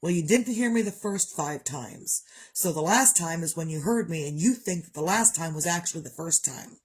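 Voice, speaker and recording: A woman's voice: on the low side, animated, normal speed, darkish tone, breathy edge. A woman talking frankly to camera in a rambling personal monologue, swearing freely and coughing now and then. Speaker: vlogger.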